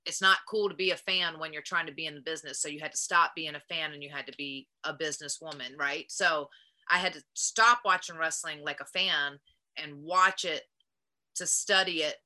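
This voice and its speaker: A woman's voice: sits low, moderate pace. A middle-aged woman in a casual interview, telling stories animatedly, leaning on "like" and acting out what she said back then. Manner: animated, frequent "like", acts out her past self. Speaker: wrestler and guest.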